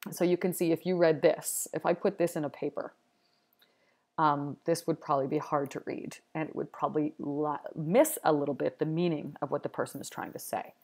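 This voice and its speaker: A woman's voice: sits low, steady tone, brisk, a little mellow. A woman giving a recorded university video lecture, thoughtful and explanatory, with frequent ums and restarts.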